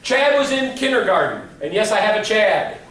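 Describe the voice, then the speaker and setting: A man's voice: high-pitched, very animated, normal speed, a bit bright, distant mic. Joking man speaking in an echoey hall. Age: middle-aged. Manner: joking, playful storytelling with acted-out quotes. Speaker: motivational speaker. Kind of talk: humorous keynote speech. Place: large hall before a live audience.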